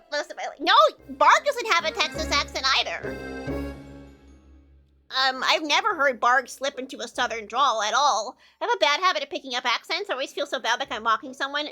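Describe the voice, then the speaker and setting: A woman's voice: high-pitched, pushed and bright. A woman from the American Midwest with a Midwestern accent, chatting casually on a live stream and answering viewer comments with lots of fillers.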